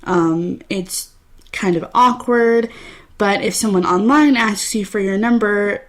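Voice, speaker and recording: A woman's voice: mid-range voice, slow. Candid young woman podcasting solo. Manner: candid, chatty, personal storytelling. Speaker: podcast host. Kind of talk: casual solo podcast talk.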